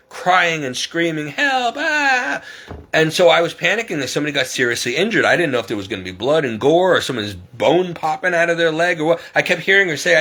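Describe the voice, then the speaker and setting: Bright-voiced man venting in a rambling vlog. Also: on the high side. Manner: rambling, exasperated, repeats himself. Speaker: vlogger. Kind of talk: casual storytelling monologue.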